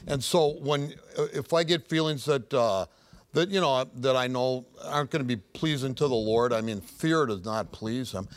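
A man, a father, sharing in a church group in an easygoing, slightly halting way. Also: medium pitch, dry recording. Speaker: group member.

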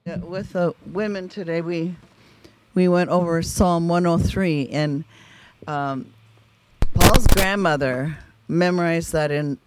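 A man sharing a fond, halting testimony with a congregation. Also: fairly high pitch, fairly even intonation, a little hiss or hum. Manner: halting, fond, many fillers. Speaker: church member sharing. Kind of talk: casual church testimony.

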